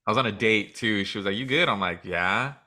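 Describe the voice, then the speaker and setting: A man's voice: fairly low pitch, fairly quick, over a noisy crowd. A man co-hosting a casual podcast, delivering a heated, profanity-heavy comic rant. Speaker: podcast co-host.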